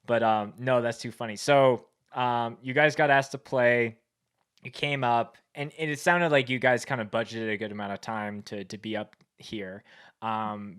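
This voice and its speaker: A man's voice: medium pitch, a bit bright, clear, resonant tone. A man from Canada chatting casually as a podcast host. He rambles through his stories, packing them with fillers and little laughs. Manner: rambling, filler-heavy storytelling with frequent laughs. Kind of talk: casual chat.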